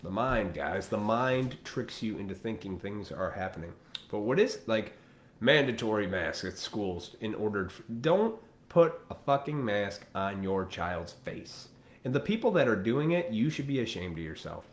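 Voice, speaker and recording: A man's voice: fairly low pitch, sing-song, moderate pace, echoey room. A man hosting a live stream, delivering a blunt, profane, preachy rant straight to his viewers. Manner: blunt, profane, preachy, mimics people in quoted asides.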